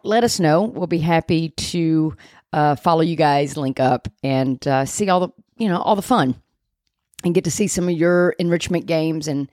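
Chatty low-voiced woman podcast host. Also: a little mellow, no echo, studio quality. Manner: chatty, rambling, self-deprecating asides. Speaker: podcast host, dog trainer. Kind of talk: casual podcast chat.

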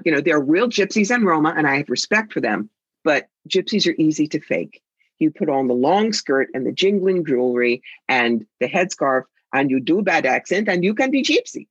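A husky, breathy-voiced woman talking as a guest psychic, sassy and theatrical as she tells her stories. The sound is dry and a bit muffled, like a lo-fi recording. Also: low voice, no echo. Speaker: psychic and author. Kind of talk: interview conversation.

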